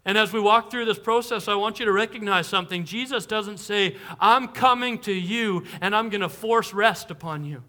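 Brief: young pastor, high and bright voice, earnest sermon storytelling with many restarts. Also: male voice, normal speed, few pauses.

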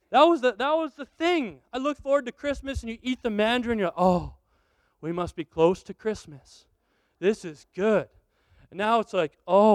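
A male pastor preaches with animated storytelling and acts out the people in his stories. His voice sits high and sounds smooth and resonant. The recording is dry and close to the mic. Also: dry recording. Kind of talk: sermon.

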